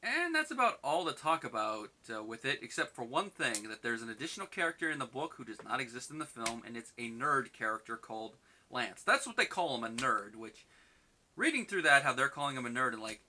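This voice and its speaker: A man giving a casual spoken book review, rambling loosely and acting out quoted lines in quick bursts. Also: medium pitch, very animated, bright, forceful tone, slight background noise.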